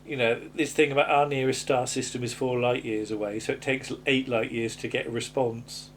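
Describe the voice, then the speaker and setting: A man's voice: medium pitch, flat delivery, a little fast, a little hiss or hum. A man co-hosting a podcast, chatting casually about an old TV episode and musing aloud with many fillers and restarts. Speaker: podcast co-host.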